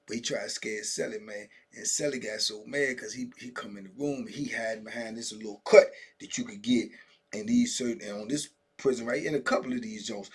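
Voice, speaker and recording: Husky-voiced man telling stories. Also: on the high side. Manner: loose slang-heavy talk with many asides. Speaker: storyteller, channel host. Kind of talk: casual storytelling vlog.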